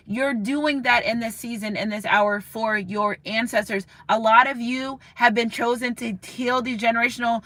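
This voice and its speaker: Bright-voiced, emotional woman tarot reader. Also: on the high side, normal speed, no room sound. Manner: emotional and passionate, addresses viewers directly; repeats words, asks "okay?". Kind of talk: spiritual tarot reading to viewers.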